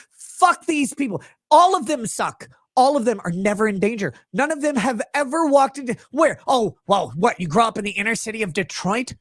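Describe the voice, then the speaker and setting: A man in the middle of a profane reaction rant. He is angry and mocking, and his voice jumps from shouts down to low mutters. The sound is dry and close, with no room around it. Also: lively intonation, brisk, no echo. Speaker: host reacting to clips.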